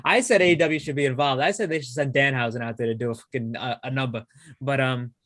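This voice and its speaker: A man co-hosting a wrestling show in casual chat, excitable and swearing freely, often restarting his sentences. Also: medium pitch, fast talker, dry recording, clean studio sound. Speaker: wrestling podcast co-host.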